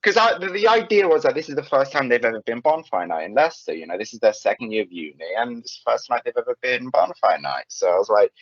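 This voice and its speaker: A young man telling a casual anecdote in an animated way, swearing freely and often restarting his sentences. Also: mid-range voice, fast talker, hardly any pauses, no echo. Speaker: storyteller. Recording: dull, lo-fi, dry sound.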